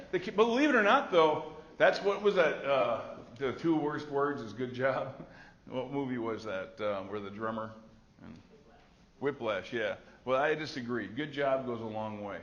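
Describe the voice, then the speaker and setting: A man's voice: mid-range voice, a bit bright, highs cut off. A middle-aged man, a nursing instructor, giving a classroom lecture in a conversational way, telling stories and acting out quoted remarks. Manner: conversational, storytelling with acted quotes.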